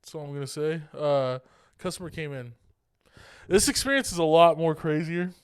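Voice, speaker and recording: A man's voice: on the high side, normal speed, smooth, dry recording, clean studio sound. A young man co-hosting a podcast, telling stories in loose, profane casual chat. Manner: loose, profane storytelling with laughs. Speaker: podcast co-host.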